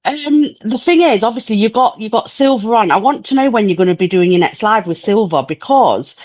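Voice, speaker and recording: A woman's voice: medium pitch, animated, brisk, darkish tone, dry recording. A woman from the East Midlands of England with a thick East Midlands accent, calling in and talking in a hesitant, rambling way. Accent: East Midlands English. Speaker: caller. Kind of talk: casual phone-in talk. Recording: dull, dry lo-fi call line.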